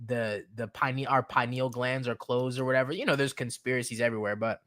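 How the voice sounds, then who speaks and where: A man guesting on a podcast, telling stories in a loose, animated way, laughing often and swearing freely. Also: mid-range voice, a little fast. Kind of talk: casual podcast chat.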